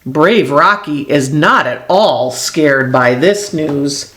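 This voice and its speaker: A woman reading a children's animal story aloud in an expressive, sing-song way. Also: deep voice, takes it slowly.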